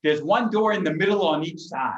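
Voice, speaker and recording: A man narrating a tabletop game as game master, with lively delivery and frequent restarts. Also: high voice, brisk, roomy sound, highs cut off, over a noisy crowd.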